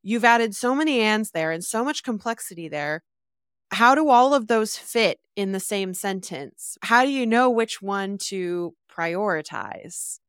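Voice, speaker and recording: A woman's voice: mid-range voice, expressive, unhurried, clean tone, no echo, clean studio sound. A woman coach co-hosting a podcast, speaking reflectively and explaining ideas with imagery and rhetorical questions. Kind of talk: casual reflective conversation.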